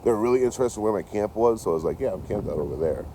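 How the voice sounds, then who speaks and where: A man's voice: on the low side, lively intonation, racing, background noise. A young man telling a rambling story outdoors near his camp, swearing and laughing often. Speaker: vlogger. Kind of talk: casual storytelling.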